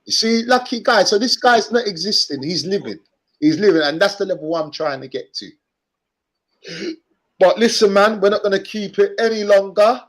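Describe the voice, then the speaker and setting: A man's voice: high voice, animated, moderate pace, a bit bright, rough recording. A Cockney man with a slightly raised voice hosts a casual live stream. He chats along in an upbeat way and says things twice or three times to drive them home. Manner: chatty, upbeat, repeats phrases for emphasis. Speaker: vlogger and live-stream host.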